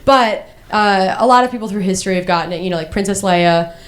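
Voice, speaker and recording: A woman's voice: mid-range voice, quick pace, slight background noise. A young woman performing a stand-up monologue, rambling and profane, full of "like" fillers and restarts, darkly mocking herself. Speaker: comedian.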